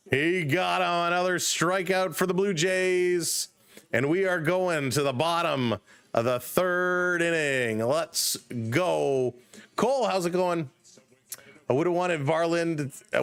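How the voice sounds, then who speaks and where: A man with a Canadian accent calling a baseball game live as a stream host, chatting with viewers between pitches. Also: a bit bright, no room sound. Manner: chatty, reads viewer chat and laughs often. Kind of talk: casual play-by-play commentary.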